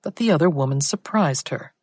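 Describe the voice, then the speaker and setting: Woman, audiobook narration, low pitch, measured, dry studio sound. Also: animated, a little mellow, breathy edge, no echo.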